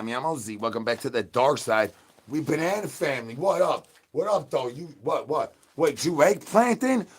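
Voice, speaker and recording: A young man rambling through goofy, nonsensical livestream banter full of slang, swinging between loud hype and low mumbling. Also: vocal fry, husky. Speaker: streamer in costume.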